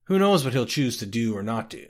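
A man voicing a fat, greedy male merchant who talks in a loud, sneering, demanding way. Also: mid-range voice, very animated, fairly quick, natural voice. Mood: explaining.

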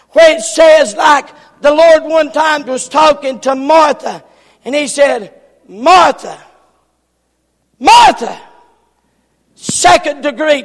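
High-voiced shouting preacher. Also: male voice. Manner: shouting, repeating words for emphasis. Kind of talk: sermon. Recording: long hall reverb.

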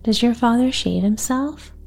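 A woman's voice: a little high, vocal fry, a little mellow, faint music behind, pitched above the performer's own voice. A woman reading aloud, voicing a practical little neighborhood girl who talks in a reasonable, coaxing way. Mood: eager. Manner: reasonable, coaxing, quick talk.

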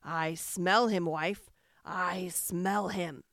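A greedy, gruff giant ogre from a fairy tale booms out slow and loud, as a woman reads him. The sound is dry and close. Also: steady tone, no room sound, heavily acted. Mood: menacing.

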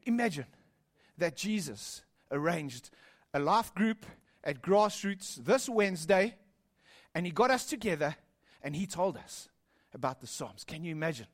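A middle-aged man, preaching a sermon, telling lively stories and swinging between loud and hushed delivery. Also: on the high side, unhurried. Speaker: pastor.

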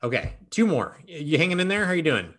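Lively, playful male podcast host. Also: on the high side, quick pace. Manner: playful, laughs while reading aloud. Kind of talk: casual chat, reading party-game prompts.

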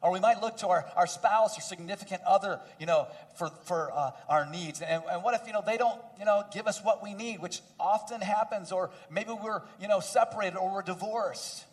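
A man preaching a sermon as pastor, talking to the congregation in a conversational way and dropping to hushed emphasis for key points. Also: high voice, moderate pace, hardly any pauses.

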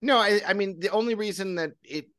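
A man's voice: high-pitched, a little fast, sharp tone, no echo, studio quality. A man co-hosting a casual film-review chat, rambling and dismissive. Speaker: podcast co-host, film reviewer.

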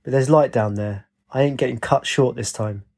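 A man's voice: mid-range voice, normal speed, a little mellow, lightly acted. A man voicing a cocky, menacing young male drug dealer who talks in impatient street slang.

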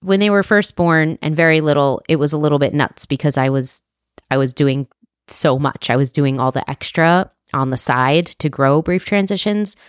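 Low, smooth-voiced woman podcast host. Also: moderate pace, no echo, clean studio sound. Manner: earnest and heartfelt, with restarts and soft laughs. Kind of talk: reflective solo podcast monologue.

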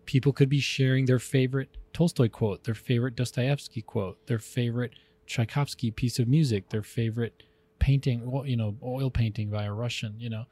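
A man co-hosting a casual comedy podcast, animated and jokey, often talking over his partner. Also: mid-range voice, moderate pace, breathy edge, dry recording. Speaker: podcast co-host.

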